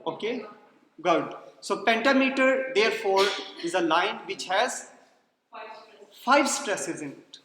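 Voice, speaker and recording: A man's voice: high-pitched, animated, slow pace, a bit bright, slight background noise. A man giving a lecture, explaining step by step and posing questions to the class before answering them himself. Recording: echoey roomy hall sound.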